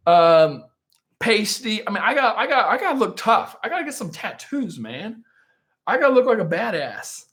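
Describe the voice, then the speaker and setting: A man with a somewhat high voice chats on a live stream. His pitch swings up and down a lot as he jokes about himself, rambles from one viewer question to the next, and laughs often. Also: fairly bright tone. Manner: joking, self-mocking, laughs often; rambling, answers chat questions. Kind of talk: casual live-stream chat.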